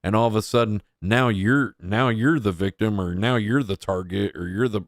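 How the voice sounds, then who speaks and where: Man, low voice, dry close sound, mocking streamer commentary, profane. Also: moderate pace, dry recording. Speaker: streamer reacting to clips. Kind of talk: casual crude commentary.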